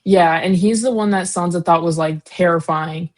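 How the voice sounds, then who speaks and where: A woman with a somewhat low voice chats through a book recap in a loose, rambling way. She leans on fillers and slang, often breaks into giggles, and loses her train of thought along the way. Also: moderate pace. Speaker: co-host, daughter. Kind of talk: casual book discussion.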